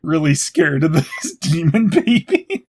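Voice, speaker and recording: A podcast co-host chatting about a TV episode, making dry jokes in soft, low asides. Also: wildly swooping pitch, takes it slowly, creaky, breathy edge. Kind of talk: casual comedic recap chat.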